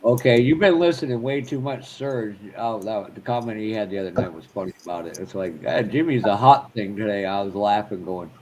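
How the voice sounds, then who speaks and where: A man's voice: on the low side, a little fast, hardly any pauses, darkish tone, rough recording. A man chatting casually and joking, laughing easily. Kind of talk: casual chat.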